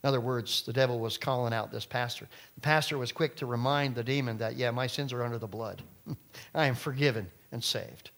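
A middle-aged man preaching a sermon as pastor, emphatic, with loud stressed phrases and quiet low asides. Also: fairly quick.

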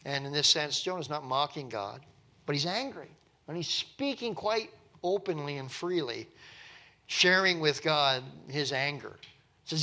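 A man's voice: a little high, animated, unhurried, bright, forceful tone. A man preaching a sermon in an earnest, emphatic way, asking rhetorical questions and reading scripture in old King James wording.

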